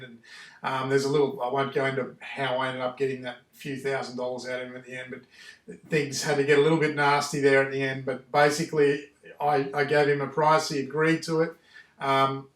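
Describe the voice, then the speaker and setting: A middle-aged man tells a story in a flat, even voice, circling back and restarting his sentences. He sits some way off the mic in an echoey room. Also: medium pitch, distant mic. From Australia. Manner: rambling, repeats and restarts himself. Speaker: house painter telling a story. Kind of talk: casual storytelling monologue.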